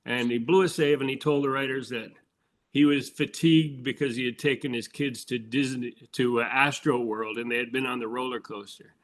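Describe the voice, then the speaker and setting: Older man, casual sports podcast, storytelling, chuckling, average pitch. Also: fairly even intonation, normal speed. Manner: storytelling, laughs while recounting anecdotes. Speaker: podcast co-host, former baseball insider.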